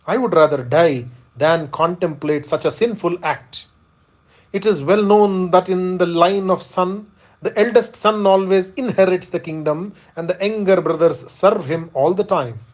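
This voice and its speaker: A man's voice: high voice, a little slow. A man reading a furious grieving prince. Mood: accusing. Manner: accusing, bitter reproach. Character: young prince, grief-stricken and furious. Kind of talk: read-aloud epic narration.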